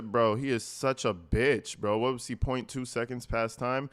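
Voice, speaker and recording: A man with a smooth, resonant voice talks through clips in a blunt, mocking way. He swears freely and speaks at an average pitch for a man. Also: fairly even intonation, normal speed, hardly any pauses, a bit bright. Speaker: commentator reacting to meeting clips. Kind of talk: profane casual commentary.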